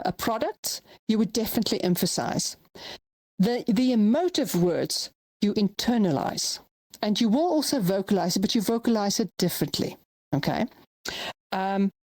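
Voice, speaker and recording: A woman's voice: medium pitch, darkish tone, no echo. A woman from South Africa teaching a voice-over workshop, explaining in a conversational way and checking in with "right?" and "okay?". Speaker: voice-over coach. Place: virtual reality platform session.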